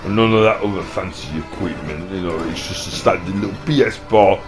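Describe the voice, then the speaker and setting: A man's voice: sits low, fairly quick, music in the background, rough recording. Rowdy young man with a Yorkshire accent. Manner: rowdy, squabbling, swears mildly. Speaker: channel host. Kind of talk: improvised comedy banter.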